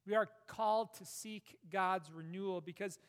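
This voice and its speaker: A man preaching a sermon, earnest, with rises and falls and hushed, prayerful passages. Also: sits high, fairly even intonation, normal speed, clean tone. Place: church. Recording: long reverb of a hall.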